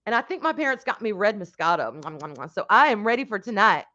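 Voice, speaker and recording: A woman hosting a casual livestream, talking frankly with some swearing and greeting chat viewers with loud excitement. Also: mid-range voice, fast. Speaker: livestream host chatting with viewers. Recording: dull lo-fi stream audio.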